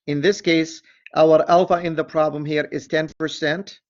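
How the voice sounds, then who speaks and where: A man's voice: fairly high pitch, level tone, dull audio. A man teaching a statistics lesson in a screen-recorded walkthrough, reading the problem aloud and correcting himself as he goes. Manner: deliberate, reads problem aloud, self-correcting asides.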